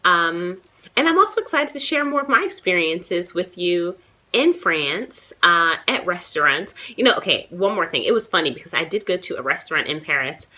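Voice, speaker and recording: A woman's voice: fairly low pitch, big pitch swings, normal speed, pushed and bright. A young American woman with a cold, chatting casually to camera in a travel vlog, full of likes and you knows. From United States. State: has a cold, chesty. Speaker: travel vlogger.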